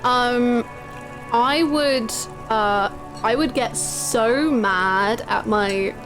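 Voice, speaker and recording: A young woman streaming a video game from home, chatting, laughing and telling stories in an animated way. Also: a little high, unhurried. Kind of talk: casual chat while playing a game. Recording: music from the game behind. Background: game music.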